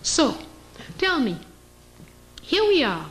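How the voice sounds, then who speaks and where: A woman's voice: high voice, very animated, a little slow, a bit bright, a little hiss or hum, low-quality recording. A woman giving an impassioned public lecture, emphatic, acting out scenes and asking rhetorical questions. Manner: emphatic, role-plays scenarios, rhetorical questions.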